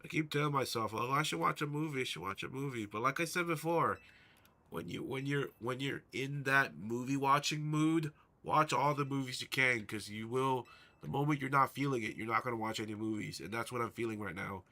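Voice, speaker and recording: Chatty young man with a bright voice. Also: medium pitch, moderate pace. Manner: rambling, chatty, reacting to chat. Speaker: livestreamer. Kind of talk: casual live stream chat. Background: faint background music.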